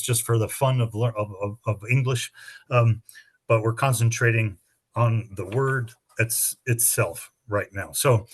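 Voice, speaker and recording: A man's voice: medium pitch, a bit bright. A middle-aged man hosting a spelling bee, explaining the rules and reading words and sample sentences with dry, chatty asides.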